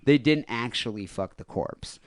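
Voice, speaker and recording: Rambling, laughing podcast host, dry mic. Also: male voice, mid-range voice, expressive, measured pace, no echo. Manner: laughing, rambling with many fillers. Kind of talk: casual comedic podcast chat.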